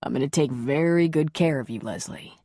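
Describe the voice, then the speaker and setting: A woman reading the part of a gentle, confident man in an audiobook romance, speaking in a low, reassuring murmur. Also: normal speed, no echo, studio quality. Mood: tender. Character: tender confident adult man, a lover.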